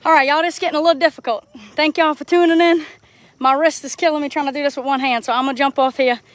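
A woman's voice: high voice, steady tone, fast. A young woman from Louisiana with a Southern accent, chatting to her viewers as she works on a boat on a bayou, talking into a phone. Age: young adult. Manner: chatty, greets viewers, talks while working. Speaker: vlogger, crawfisher. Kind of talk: live-streamed outdoor vlog. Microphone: phone held while working.

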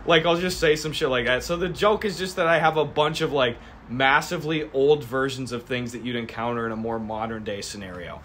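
A young man streaming from his garage, casually pitching a comedy sketch and acting out both sides of the scene. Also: slight background noise. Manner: animated, acts out both sides of the scene in quick voices.

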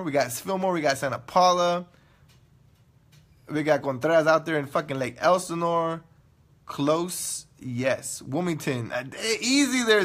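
Young socal guy hosting his online radio show, bright high voice, loud, cussing, cracking jokes. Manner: loud, profane, joking, laughs often. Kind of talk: casual live-stream chat with viewers.

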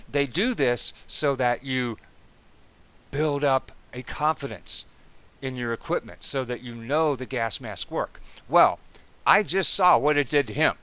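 A man in his fifties, an Army veteran, telling a personal story in a casual, animated and profane way. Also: mid-range voice. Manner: animated, profane, dramatic retelling.

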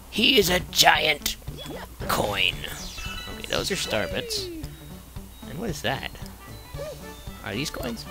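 A man's voice: on the high side, wildly swooping pitch, slow pace, gravelly, pauses often. A man casually commenting as he plays a video game, goofy and playful, with sing-song repetitions. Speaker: let's play commentator. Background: game music.

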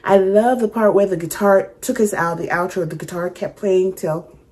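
A woman's voice: medium pitch, fairly even intonation, moderate pace, a little mellow. A woman chatting casually as she reacts to a song, restarting her sentences and humming riffs aloud. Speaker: music reaction YouTuber. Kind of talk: casual first-listen reaction chat.

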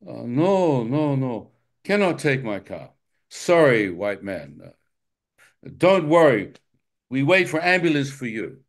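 A man's voice: medium pitch, sing-song, slow. A man voicing a reluctant car owner who apologetically refuses to help. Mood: dismissive. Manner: brushes off the request, apologetic yet refusing.

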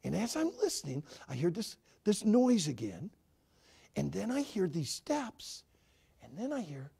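A man in his sixties preaching a sermon, telling a story and swinging from hushed to shouting. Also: high voice, wildly swooping pitch, a little slow, vocal fry, breathy edge. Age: 60s.

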